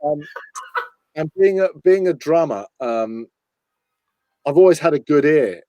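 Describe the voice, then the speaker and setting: A man's voice: on the high side, expressive, unhurried, warm tone, dry recording. A man from London, an impressionist chatting casually on a video call, laughing often and sliding into voices. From London, England. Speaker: impressionist and comedian guest. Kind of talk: casual interview chat.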